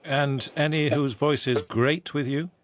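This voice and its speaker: A man interviewing a guest on radio, asking brisk, leading questions. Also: mid-range voice, no room sound.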